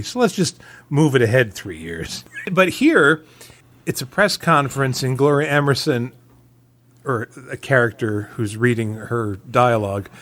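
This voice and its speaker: A man's voice: medium pitch, fairly bright tone. A man co-hosting a podcast, rambling and thinking aloud with many fillers. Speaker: podcast co-host. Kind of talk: casual podcast discussion.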